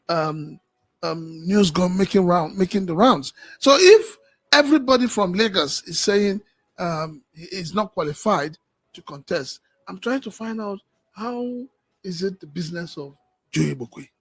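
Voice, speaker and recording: Husky high-voiced man, questioning. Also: a little slow, no echo. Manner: animated, poses rhetorical questions. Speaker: panelist. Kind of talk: political talk show discussion.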